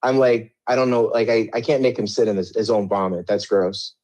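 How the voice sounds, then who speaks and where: Middle-aged guy telling his story, low-pitched, rambly and defensive, lots of restarts. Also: brisk, darkish tone, a little hiss or hum. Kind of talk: conversational interview storytelling.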